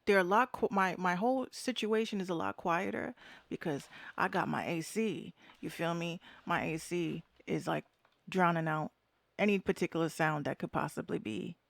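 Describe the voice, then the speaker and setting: A woman's voice: lowish voice, moderate pace, vocal fry, no echo. A woman with a Bronx accent hosting a live podcast, ranting bluntly and swearing freely from home. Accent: New York, Bronx. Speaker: host. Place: home room with air conditioner running.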